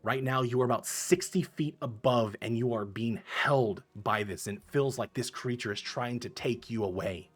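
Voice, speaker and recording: A man's voice: medium pitch, moderate pace, few pauses, soft background music. A man running a tabletop fantasy game as game master, describing scenes vividly and calling for rolls. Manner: vivid descriptive narration, rising intensity in danger.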